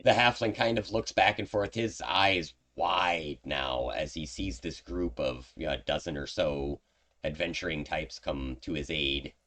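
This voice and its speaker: A man's voice: very deep voice, measured pace, fairly bright tone. A man narrating as the game master of a tabletop game, in a loose, chatty way with fillers.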